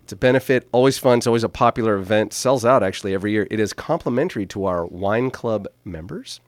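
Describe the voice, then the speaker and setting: A man's voice: fairly low pitch, quick pace, no room sound. A man co-hosting a casual radio talk show, upbeat and chatty as he promotes upcoming events. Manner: upbeat, plugs events at length.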